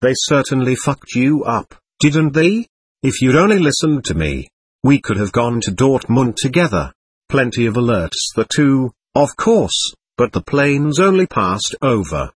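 A man reading the lines of a big, tough young soldier in an audiobook, blunt and rough-spoken. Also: mid-range voice, very animated, measured pace, no echo. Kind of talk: scripted audiobook narration.

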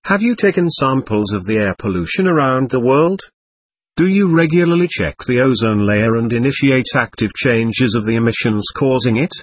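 A man voicing a small, friendly male alien who lectures earnestly in a string of questions, in a husky voice. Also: mid-range voice, expressive, moderate pace, dry recording.

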